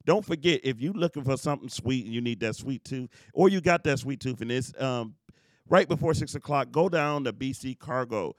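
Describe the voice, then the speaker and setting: A man's voice: medium pitch, expressive, fairly quick, no room sound, studio quality. A man hosting a podcast, talking in a laid-back, slangy way as he reads out plugs. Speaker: podcast host. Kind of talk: casual chat.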